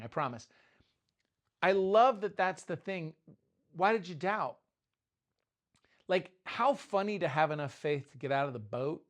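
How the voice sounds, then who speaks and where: A man giving an informal, joking sermon, often stopping and restarting his sentences. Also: on the high side. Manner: conversational, self-interrupting, joking asides. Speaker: pastor.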